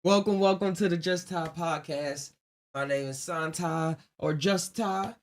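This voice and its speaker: A man's voice: a little high, measured pace, faint music behind. A man hosting his own podcast live, talking casually in a loose, rambling, reflective way with frequent laughs. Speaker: podcast host. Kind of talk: casual solo livestream podcast talk.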